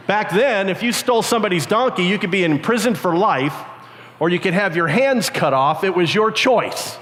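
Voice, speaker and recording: Older male camp preacher, storyteller, slightly high voice, long hall reverb, faint hiss. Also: normal speed. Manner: animated, acts out characters with squeaky high voices. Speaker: camp speaker. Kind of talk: storytelling sermon to youth.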